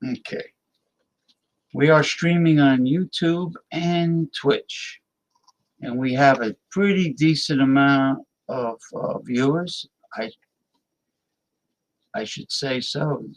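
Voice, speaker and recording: Slow, rambling man hosting a live stream. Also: medium pitch, poor audio. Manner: rambling, muttering to himself while inviting guests. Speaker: live-stream talk show host. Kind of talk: casual live-stream chat.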